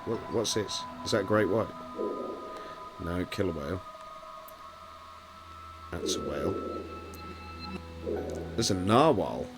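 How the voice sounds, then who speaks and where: Deep-voiced sarcastic gaming commentator. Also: male voice, expressive, slow pace, pauses often, over music. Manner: sarcastic, mocking. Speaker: let's play host. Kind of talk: casual gameplay commentary.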